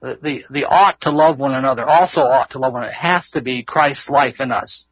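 A man's voice: mid-range voice, brisk, slightly rough, no echo, highs cut off. A man leading an informal Bible study, earnest and rambling, often laughing at himself. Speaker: Bible teacher.

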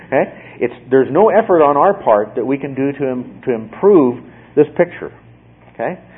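A man with a somewhat husky voice preaches a teaching sermon, walking his listeners through a point and pausing to check in with a questioning "okay?". The sound is thin and tinny, like a radio broadcast heard over a phone line. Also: medium pitch. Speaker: pastor.

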